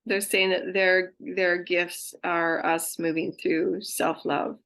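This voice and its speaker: She talks slowly with few pauses, her fairly low voice level in tone yet fairly bright. Acting as a channeler, she chats casually about her spirit guides, gushing fondly and laughing over and over in a giggly way.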